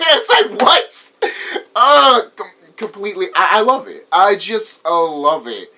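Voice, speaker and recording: A young man with an American accent talks through a movie review in a loose, rambling way. His voice is bright and edgy, sits a bit high, and swings up and down a lot as he gets worked up. He laughs often and swears freely. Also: very animated, a little slow, a little hiss or hum. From United States. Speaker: vlogger. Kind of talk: casual movie review vlog.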